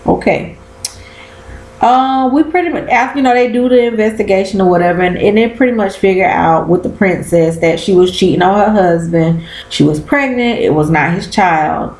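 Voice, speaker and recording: Woman, slangy animated recap, echoey room. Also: medium pitch, normal speed. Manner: animated, slangy, cussing, acts out quotes. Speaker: vlogger recapping a TV episode. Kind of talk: casual chat.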